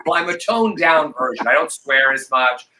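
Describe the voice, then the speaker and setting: A man's voice: on the high side, lively intonation, moderate pace, sharp tone, poor audio. A man co-hosting a live talk stream, telling a long story with lots of swearing and acting out the voices of the people in it. He is tipsy from a couple of glasses of vodka. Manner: profane, theatrical, acts out quoted voices. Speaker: co-host.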